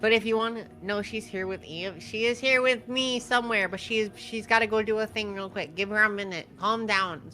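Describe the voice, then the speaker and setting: Bright-voiced woman mock-scolding a stream chat. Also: medium pitch, steady tone, a little fast, few pauses. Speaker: co-op streaming guest. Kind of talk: casual live-stream chat.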